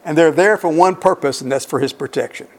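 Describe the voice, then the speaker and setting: A man's voice: fairly high pitch, brisk. A middle-aged man preaching an expository sermon, conversational and emphatic, asking his listeners questions as he reads and explains scripture.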